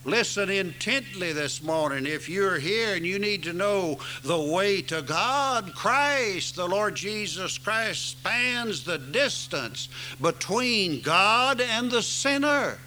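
A man's voice: high-pitched, animated, slow, hardly any pauses, pushed and bright, a little hiss or hum, low-quality recording. A man preaching a sermon to a congregation, with an emphatic, swooping cadence.

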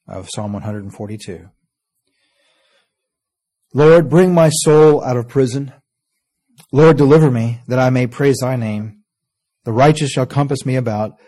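Earnest preacher man, mellow voice. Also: medium pitch. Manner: earnest, often trailing off softly at phrase ends; reads scripture in slow, stressed King James cadence. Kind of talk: sermon.

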